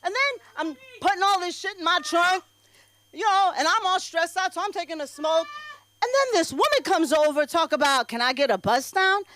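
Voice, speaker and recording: Brash, high-voiced woman doing stand-up. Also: lively intonation, moderate pace, no room sound. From Bangladesh. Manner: brash, sassy, swings between loud punchlines and low asides. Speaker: stand-up comic at an open mic. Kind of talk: stand-up comedy set. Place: comedy club stage.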